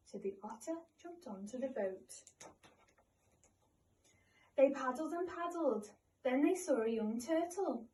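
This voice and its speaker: High-voiced woman reading a storybook. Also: animated, takes it slowly, long pauses, a little mellow, far from the mic, poor audio. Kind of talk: reading a picture book aloud.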